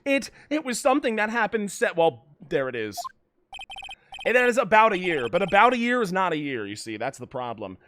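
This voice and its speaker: A man's voice: sits high, sing-song, normal speed, fairly bright tone, slight background noise. Sarcastic man doing game commentary. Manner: sarcastic, jokey asides. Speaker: streamer. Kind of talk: let's play commentary.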